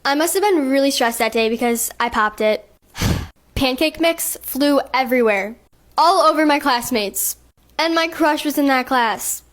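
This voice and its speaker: A bubbly woman with a high voice telling an embarrassing school story. Her delivery is eager and upbeat. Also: unhurried, fairly bright tone. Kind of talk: storytime narration.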